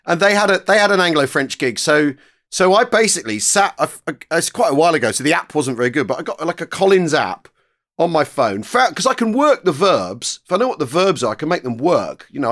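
A man co-hosting a podcast, chatty and lively, often repeating quick agreements. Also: a little high. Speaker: co-host. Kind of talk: casual podcast chat.

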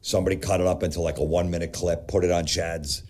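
A man's voice: deep voice, little pitch movement, fast talker, a little mellow, slight background noise. A male comedian guest telling stories in a blunt, sardonic, profane way. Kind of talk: casual chat.

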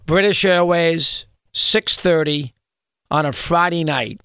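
A rambling male talk show host tells a story at a fairly high pitch, tripping over restarts as he gets worked up. The sound is close and dry, with no room around it. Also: takes it slowly, clean tone, dry recording. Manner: rambling, excitable, many restarts. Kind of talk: storytelling monologue.

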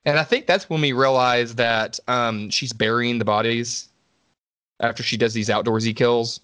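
A man's voice: medium pitch, steady tone, normal speed, fairly bright tone, clean tone, dry recording. A man co-hosting a podcast, recapping a slasher movie in a rambling, sarcastic way, swearing and laughing often. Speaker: podcast co-host. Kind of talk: casual movie recap chat.

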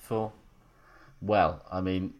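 Low-voiced man, podcast co-host, wry and laughing, casual sports banter. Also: fairly even intonation, extremely slow, highs cut off. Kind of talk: casual sweary chat.

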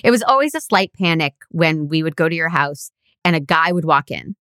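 Lowish-voiced woman podcast co-host. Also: animated, pushed and bright, no echo, clean studio sound. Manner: chatty storytelling, quick asides. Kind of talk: casual chat.

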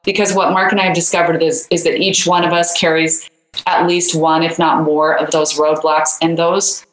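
Low woman's voice, guest author, chatty storytelling full of fillers, roomy echo. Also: little pitch movement, normal speed. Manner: conversational, many "you know" fillers. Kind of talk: interview storytelling.

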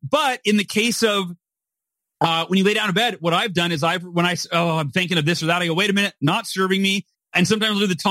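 High-pitched, bright and forceful, this author in his forties is interviewed on a podcast in a dry recording. His motivational explanations are emphatic, with "right?" tagged onto point after point.

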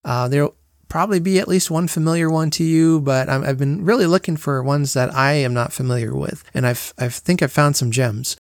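A man's voice: fairly high pitch, a little fast, no echo, clean studio sound. A man hosting a podcast, speaking in an earnest, reflective way as he tells family stories in a casual monologue. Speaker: podcast host.

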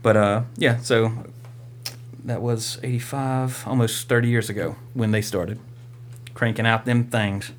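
A man's voice: medium pitch, fairly even intonation, unhurried, slight background noise. A man hosting a podcast, talking animatedly about movies and games, swearing freely and acting out quotes in silly voices. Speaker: podcast host. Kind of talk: casual movie discussion.

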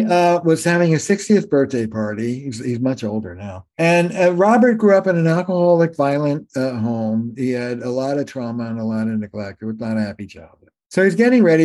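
An older man, a family therapist, talking as a guest in a conversational storytelling style, animated and emphatic. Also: mid-range voice.

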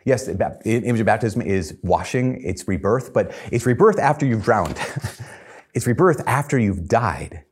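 A man's voice: on the low side, animated, moderate pace, slightly rough. A man preaching a sermon in an earnest, conversational way, chuckling now and then.

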